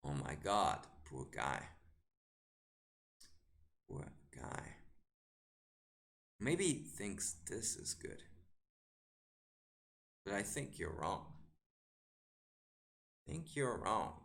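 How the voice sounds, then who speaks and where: A man's voice: sits low, huge pitch swings, slow, gravelly, pauses often, fairly bright tone. A man, a chess grandmaster streaming live, commentating a game while firing exasperated rhetorical questions at the board and muttering move lines to himself.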